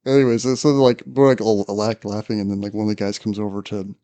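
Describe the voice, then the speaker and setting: Animated man telling a story. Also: fast. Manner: animated storyteller, voice climbing high with laughter. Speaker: podcast host, police officer. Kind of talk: casual podcast storytelling.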